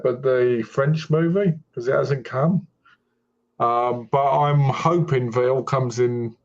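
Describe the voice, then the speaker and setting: A man co-hosting a live stream, talking in a relaxed, rambling casual chat with hesitations. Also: mid-range voice, gravelly. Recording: slightly muffled stream audio.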